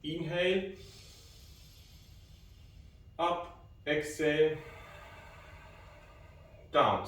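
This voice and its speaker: A man leading an online qi exercise class from a room at home, calmly cueing each breath and movement as he demonstrates. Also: medium pitch. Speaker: qi exercise instructor. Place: room at home with a balcony door. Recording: very echoey room, voice from far off.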